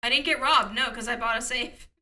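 A woman's voice: on the high side, fairly even intonation, fairly quick, pushed and bright. A woman streaming a game, talking casually in an offhand, joking way and muttering to herself. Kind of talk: casual live-stream commentary.

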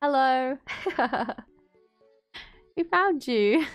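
Excitable, giggly young woman streamer. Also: sits high, extremely slow, clear, resonant tone, faint music behind. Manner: giggly, excitable, swears freely. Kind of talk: live gameplay commentary.

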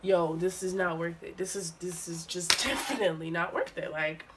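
A woman's voice: fairly low pitch, normal speed, heavy background noise. A young woman vlogging casually to camera, sick and sniffly, with exasperated chatter. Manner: exclaims and cries out in pain, then chats. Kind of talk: casual vlog talk to camera.

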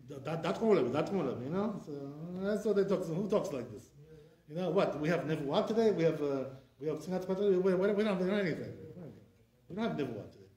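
A man's voice: a little high, fairly quick, reverberant. A man, a rabbi teaching an informal Torah class with conviction and lots of fillers. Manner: animated, repetitive fillers, speaks with conviction.

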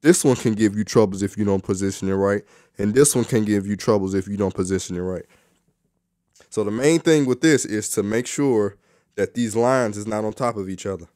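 A man's voice: lowish voice, fairly quick, warm tone, dry recording, studio quality. A young man giving a casual, joking hair tutorial, cursing freely and talking in loose street slang. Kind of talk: casual how-to demonstration.

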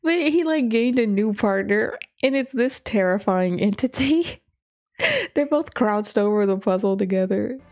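A woman's voice: medium pitch, animated, a little slow, a little mellow. A woman hosting a reaction video, chatty and giggly, often retelling what others said. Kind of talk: casual reaction commentary.

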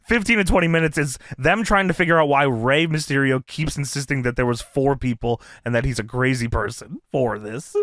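A man co-hosting a casual podcast, laughing often and acting out quotes in loud, high voices. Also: brisk, few pauses, dry recording, clean studio sound. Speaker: podcast co-host.

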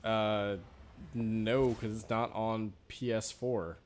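A man's voice: fairly low pitch, level tone, takes it slowly, a little hiss or hum. A man co-hosting a casual gameplay commentary, rambling and swearing. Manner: rambling, swearing, laughs at jokes. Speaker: co-host of a gaming let's play.

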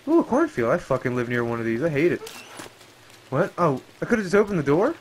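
Man streamer, lively swooping voice, swears a lot, yelps, faint room hum. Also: a little high, brisk. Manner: profane, excitable, yelps and exclaims. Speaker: gameplay streamer. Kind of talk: let's play commentary.

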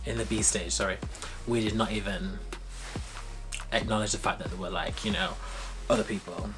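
A young adult telling a casual storytime, acting out quoted dialogue with big, dramatic jumps in voice. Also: medium pitch. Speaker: vlogger.

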